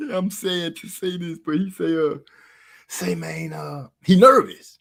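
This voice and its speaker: A man with a slightly higher voice tells a long story in a loose, slangy way. His delivery is animated, and he keeps chuckling as the tale builds. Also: creaky. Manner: animated, slangy, laughs while telling stories. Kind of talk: casual storytelling chat.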